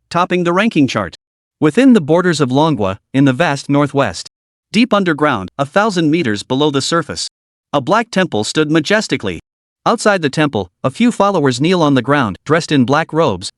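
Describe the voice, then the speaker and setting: A man narrating a comic story recap in a steady, dramatic storytelling manner. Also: on the high side, dry recording, studio quality.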